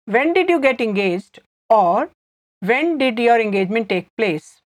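A woman from India with an Indian accent, leading a scripted language lesson and repeating phrases slowly and clearly. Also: fairly high pitch, expressive. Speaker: language teacher.

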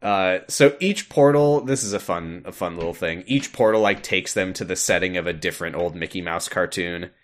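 A man with a fairly low voice co-hosts a casual podcast, walking through a video game's story. He laughs often and slips into silly character voices whenever he quotes someone. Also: normal speed, hardly any pauses. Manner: laughs often, puts on cartoon voices when quoting. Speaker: podcast co-host. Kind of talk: casual game recap chat.

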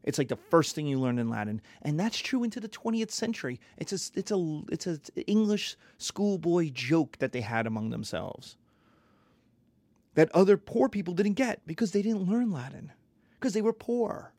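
Man giving a lively history lecture. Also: fairly high pitch, moderate pace, no echo. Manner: lively, conversational, acts out little voices.

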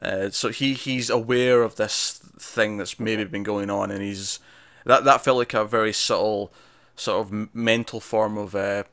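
A man's voice: on the low side, steady tone, a little slow, fairly bright tone, no echo. A man co-hosting a casual review chat, talking in an analytical way with lots of restarts. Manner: chatty, analytical, frequent restarts. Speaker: podcast co-host.

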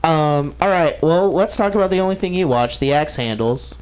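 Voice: mid-range voice, lively intonation, moderate pace, a little mellow, smooth. A podcast host leading a casual wrestling chat, enthusiastic and agreeable.

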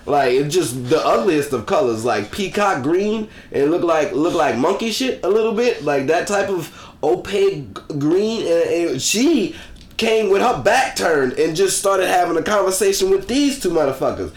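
A man, co-hosting a podcast and telling a story in a profane, animated way, acting out shouts. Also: high-pitched, moderate pace. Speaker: podcast co-host. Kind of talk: casual storytelling chat. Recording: echoey room.

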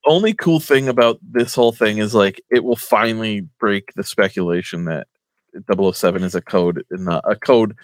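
A man's voice: lowish voice, moderate pace, dry recording. A man hosting a casual chat, swearing often and stumbling over his words.

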